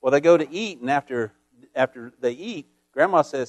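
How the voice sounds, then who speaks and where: A man's voice: mid-range voice, a little fast, darkish tone, no room sound. A male pastor preaching a sermon, reading scripture and telling folksy stories with frequent calls of "Amen?".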